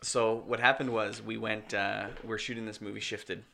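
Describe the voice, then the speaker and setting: A man's voice: lowish voice, level tone, moderate pace, gravelly, pushed and bright, a little hiss or hum. A man who makes films, chatting casually on a podcast and teasing the others. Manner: joking, teasing. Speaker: filmmaker.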